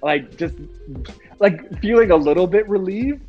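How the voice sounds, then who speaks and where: A man's voice: high voice, expressive, unhurried, narrow, tinny audio, soft background music. A man telling a story in a casual chat, loose and profane, with lots of fillers.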